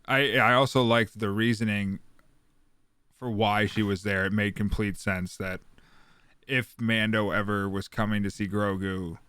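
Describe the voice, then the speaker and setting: A man in his thirties talking in a casual podcast chat, excited and swearing often. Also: lowish voice, a little slow, clean tone, no room sound. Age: 30s. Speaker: podcast co-host.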